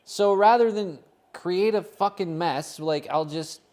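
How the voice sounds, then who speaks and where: A man's voice: high voice, unhurried, darkish tone. Profane, rambling man telling a story. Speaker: podcast co-host. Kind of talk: casual chat.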